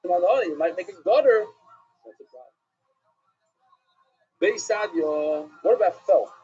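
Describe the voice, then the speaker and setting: A man's voice: high-pitched, lively intonation, moderate pace, darkish tone, husky, soft background music. A man from Brooklyn with a New York accent teaching an informal Talmud class, rambling with conversational asides. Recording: dull lo-fi recording.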